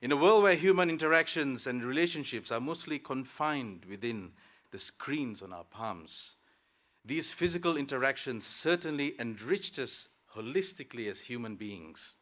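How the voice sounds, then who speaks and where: With a medium-pitched, expressive and fairly bright voice, a man from Malaysia speaks at a moderate pace as the graduating student speaker. His convocation speech to classmates in the ceremony hall is thoughtful and mildly humorous.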